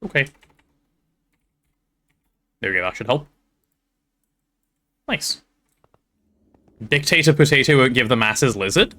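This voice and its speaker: A man chatting casually while playing on a game stream, talking to his chat and thinking out loud. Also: medium pitch, expressive, takes it slowly, pauses often.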